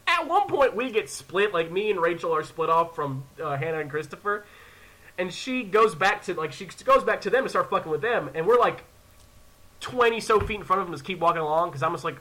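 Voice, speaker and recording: A man in his twenties, a podcast host, telling a story in casual, profane, animated chat and acting out other people's lines. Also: sits high, normal speed. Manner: animated, profane, acts out quoted voices.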